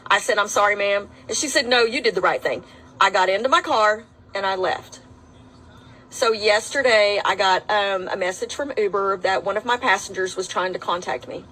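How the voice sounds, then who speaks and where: A woman's voice: medium pitch, normal speed, pushed and bright, a little hiss or hum, rough recording. A woman, a rideshare driver, tells her own story to camera in a matter-of-fact, defiant way.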